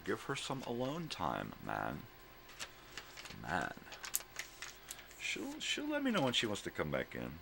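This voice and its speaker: Deep-voiced older man talking to his dogs. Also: wildly swooping pitch, measured pace, gravelly, pauses often, noisy background. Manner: talks fondly to his dogs in baby talk, drops in simple Spanish words. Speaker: vlogger. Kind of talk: casual morning vlog. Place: at home.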